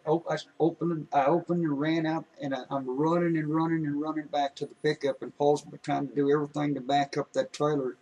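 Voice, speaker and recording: A man's voice: on the high side, husky, recorded from a distance, rough recording. A man telling a personal testimony in a folksy, repetitive way. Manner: folksy, repetitive, building excitement. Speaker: storyteller.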